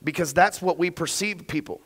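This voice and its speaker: A man's voice: fairly high pitch, moderate pace. A middle-aged man giving a blunt, profane sales talk on stage and quizzing the audience. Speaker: conference speaker. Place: large event hall. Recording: long hall reverb.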